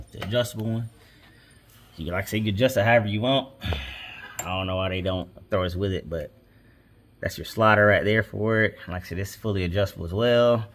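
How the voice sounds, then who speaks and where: A man's voice: fairly low pitch, a bit bright, slight background noise. A man hosting his car DIY channel, talking viewers through a repair step by step in a laid-back, slangy way while working on the car in a garage. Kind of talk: casual how-to vlog.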